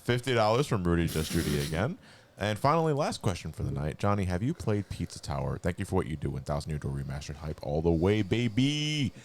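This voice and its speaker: A man's voice: low voice, big pitch swings, brisk, slight background noise. A man hosting a charity stream, reading out donations and chatting loosely with swearing and lots of fillers. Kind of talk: casual chat.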